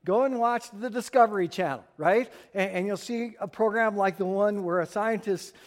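A middle-aged man preaching a sermon as pastor, animated and playful, acting out little scenes for humor. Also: high voice, moderate pace. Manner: animated storyteller, acts out voices for humor.

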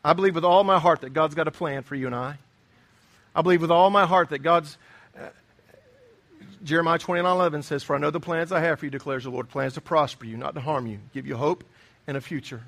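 Earnest preaching man, higher voice. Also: quick pace, fairly bright tone. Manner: earnest, emphatic preaching with repeated phrases. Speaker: pastor. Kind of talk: sermon.

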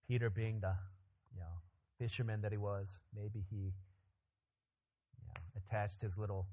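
A pastor preaching a sermon, animated and joking, with loud emphatic climbs in his voice. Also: on the low side.

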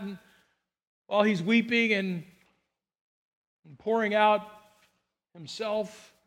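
A man from Southern California preaching as a pastor, earnest and emphatic, acting out quotes as he goes. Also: sits high. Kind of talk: sermon.

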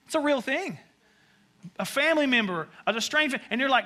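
A man with a Southern US accent, preaching a conversational sermon with sudden animated asides. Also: very high-pitched, normal speed. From American South. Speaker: pastor.

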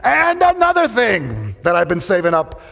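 Animated male preacher in a big hall. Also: high-pitched, moderate pace, creaky. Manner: animated, rhetorical questions and call-and-response. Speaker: pastor. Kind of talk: sermon. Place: large hall with an audience. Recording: long hall reverb.

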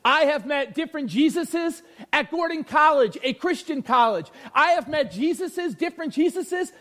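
Man, pastor, sermon, very high voice, energetic, joking, emphatic shouting. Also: normal speed. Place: church.

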